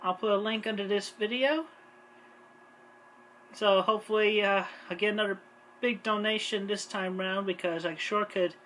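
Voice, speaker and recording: A woman's voice: medium pitch, a bit bright, a little hiss or hum, poor audio. A woman vlogger giving a meandering holiday greeting in an easygoing way.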